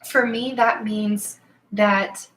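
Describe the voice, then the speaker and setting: A woman's voice: medium pitch, fairly even intonation, very slow, a bit bright, rough recording. A woman in her thirties hosting a live-stream motivational talk in a casual, earnest, chatty way with slang. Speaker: host of a live video show.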